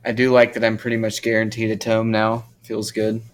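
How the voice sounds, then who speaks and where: Flat-voiced young American man. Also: lowish voice. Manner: hesitant, halting. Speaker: podcast guest. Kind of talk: casual chat.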